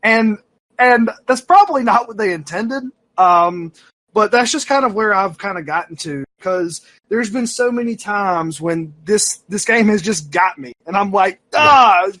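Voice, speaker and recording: Podcast co-host, man, high-pitched and bright, rambling and animated with lots of fillers. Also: measured pace, dry recording. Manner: rambling, full of fillers and restarts; animated, self-mocking storyteller. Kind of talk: casual chat.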